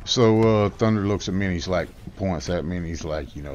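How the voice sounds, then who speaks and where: Brash deep-voiced man telling a roast story. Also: lively intonation, brisk, hardly any pauses, darkish tone, muffled recording, a little hiss or hum. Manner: brash, trash-talking storyteller. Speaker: guest youtuber. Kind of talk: comedic story monologue.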